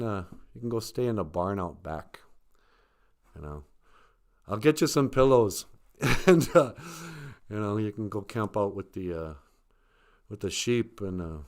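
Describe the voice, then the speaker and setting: A man voicing a blunt, gruff innkeeper who turns travelers away and then offers the barn. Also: on the low side, expressive, a little slow, pauses often. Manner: blunt, incredulous. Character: gruff middle-aged male innkeeper, blunt.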